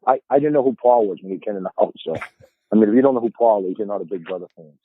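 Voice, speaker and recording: Rapid-fire and lowish in pitch, his voice comes through a dry, phone-quality recording. He's a man in his fifties from the Boston area with a matching accent, a podcast guest who rambles through casual stories and often repeats words as he starts a sentence.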